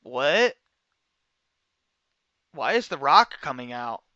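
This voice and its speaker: A young man reviewing a wrestling show, talking casually and sarcastically and swinging between loud outbursts and quiet mutters. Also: mid-range voice, sing-song, takes it slowly, no echo, dull audio.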